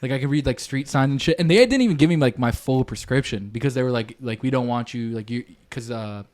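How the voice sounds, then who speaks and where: A young man tells a long story on a casual podcast, rambling along with plenty of slang and swearing. His voice sits in an ordinary middle pitch. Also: quick pace, a little mellow. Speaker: podcast co-host. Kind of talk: casual chat.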